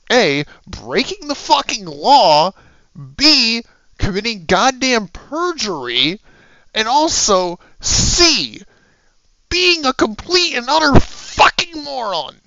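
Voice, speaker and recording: An exasperated YouTuber who is sick yells a profane rant. The delivery is slow and drawn out, and the pitch swings wildly. The sound is dull, lo-fi and very dry. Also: dry recording. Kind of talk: angry rant vlog.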